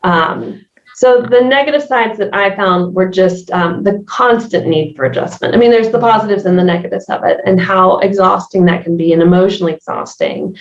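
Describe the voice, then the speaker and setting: On a podcast, a guest from the American South speaks thoughtfully in a Southern accent, full of fillers and restarts. Her voice is on the low side, and the remote audio comes across as distant, roomy and dull.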